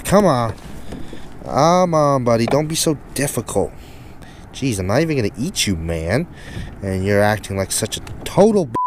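A man talking at an unhurried, drawn-out pace, narrating his fishing out on the open ocean from a kayak. He coaxes, scolds and exclaims at the fish in a chatty, casual way, his voice caught by a camera-mounted mic with faint background noise. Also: mid-range voice, a little mellow. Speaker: fishing vlogger. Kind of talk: casual play-by-play while fishing. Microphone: camera-mounted external mic.

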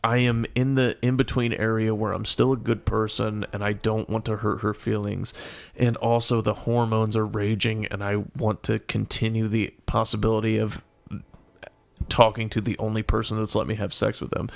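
A man's voice: fairly low pitch, moderate pace, gravelly. A young man co-hosting a podcast, telling a story in a casual, profane way and acting out the quotes. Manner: profane, animated storyteller who acts out quotes. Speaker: podcast co-host.

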